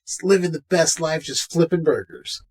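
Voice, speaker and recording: Animated man recapping a film. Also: on the high side, moderate pace, slightly rough, poor audio. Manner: animated retelling with quoted voices. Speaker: podcast co-host. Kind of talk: casual movie recap chat.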